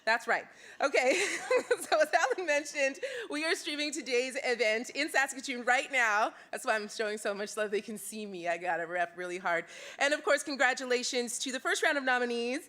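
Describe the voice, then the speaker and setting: A woman's voice: on the high side, normal speed. Giddy, breathless woman host. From Edmonton, Canada. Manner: bubbly, giggly, breathless with excitement. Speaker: radio host. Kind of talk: live event hosting. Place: live event room with an audience.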